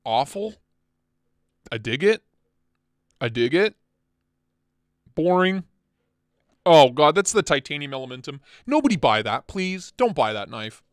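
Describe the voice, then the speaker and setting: A casual, blunt man hosting a chat stream, excitable and quick to swear, sounding tired. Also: a little high, no room sound, studio quality. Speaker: channel host.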